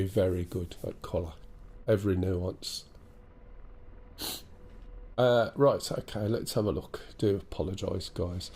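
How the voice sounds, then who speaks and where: This game streamer has a lowish, dark voice, an English accent, and a stuffy nose from a cold. During his live flight-sim stream he thinks out loud and welcomes viewers.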